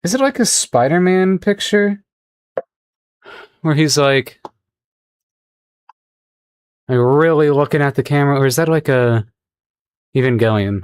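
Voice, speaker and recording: A man's voice: fairly high pitch, animated, measured pace, pauses often, clean tone, no room sound. A man chatting casually with his viewers on a livestream while he draws, rambling and laughing often. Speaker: streamer.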